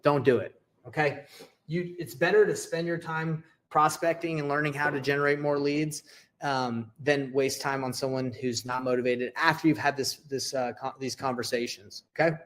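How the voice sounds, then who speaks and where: A young man teaching real estate deals in a casual, energetic way, often checking in with "okay?" and acting out short sample phone dialogues. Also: mid-range voice, normal speed.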